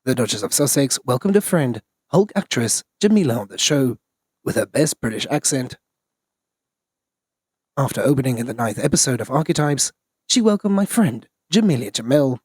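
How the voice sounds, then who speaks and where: Husky male narrator, dry close sound, steady scripted news read. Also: medium pitch, normal speed, no echo.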